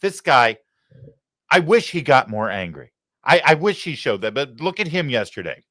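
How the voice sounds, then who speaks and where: A male talk show host from Michigan rants with heat and mockery, his pitch leaping around animatedly. His voice is bright and forceful, recorded close and dry with no room sound. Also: sing-song, normal speed, no echo. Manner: heated, mocking rant. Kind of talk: opinion commentary.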